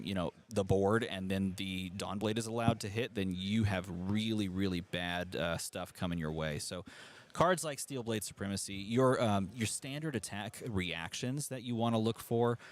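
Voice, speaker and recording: A man with a low-pitched voice gives live commentary on a card game match. He breaks down plays in a chatty, analytical way, speaks straight to the stream chat and laughs easily at himself. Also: moderate pace.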